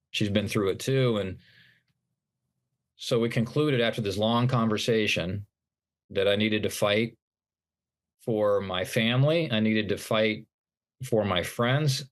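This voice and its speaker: A middle-aged man speaks with a fairly low voice as an interview guest. He tells his personal story earnestly, stopping and restarting his sentences and acting out the dialogue. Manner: earnest, retelling events with acted-out dialogue and frequent restarts. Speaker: podcast guest, motivational speaker.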